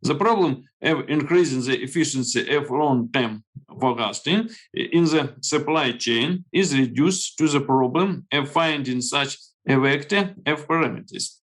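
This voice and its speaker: A man with a Ukrainian accent presenting research over a video call, reading his slides haltingly. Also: on the high side, fairly bright tone, low-quality recording. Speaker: conference presenter.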